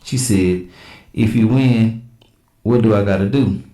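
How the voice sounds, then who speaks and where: A man with a lowish, mellow voice hosts a casual reaction show, reading text messages aloud in a plain back-and-forth and cutting in with blunt, slangy remarks. The sound carries an echoey room ring. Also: unhurried. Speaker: reaction channel host.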